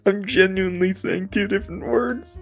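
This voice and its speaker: A man co-hosting a casual podcast, slow-talking and giggly, trading jokes. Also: high voice, steady tone, gravelly, a bit bright, faint music behind. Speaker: podcast co-host. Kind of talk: casual chat.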